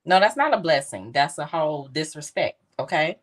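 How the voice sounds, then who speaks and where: A woman's voice: sits low, expressive, moderate pace. A woman co-hosting a live podcast, talking sassy and emphatic in casual banter. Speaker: co-host.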